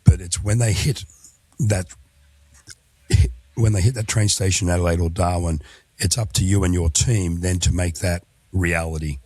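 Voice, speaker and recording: A very low-voiced man hosts a conversation about travel, speaking in a measured, reflective way with small fillers. His voice sounds dry and close, with little room around it. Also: fairly even intonation, a little mellow, husky, no room sound. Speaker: interview host, former tour guide. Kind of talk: conversational interview.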